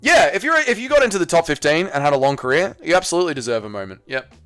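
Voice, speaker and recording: Australian man, young adult, excitable, sweary, fairly high voice, animated pitch, dry close sound. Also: very fast, clean tone, no echo. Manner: excitable, swears freely, reads chat aloud. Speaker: livestream host. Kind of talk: casual livestream watch-along chat.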